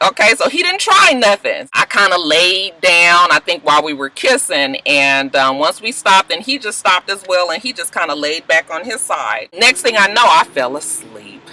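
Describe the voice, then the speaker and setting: A woman vlogger telling a casual story, animated and profane, acting out the dialogue as she goes. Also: on the low side, slight background noise, poor audio.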